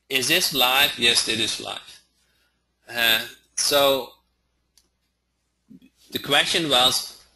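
A man teaching a live online training, speaking haltingly and often checking in with his listeners. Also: mid-range voice, sharp tone, breathy edge. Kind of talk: live webinar instruction.

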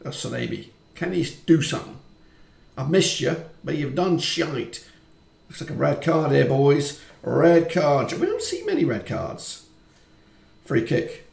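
A man commentating on his football management game, chatty and quick to swear when frustrated. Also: a little high, wildly swooping pitch, gravelly, roomy sound. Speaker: gaming YouTuber. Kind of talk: let's-play commentary.

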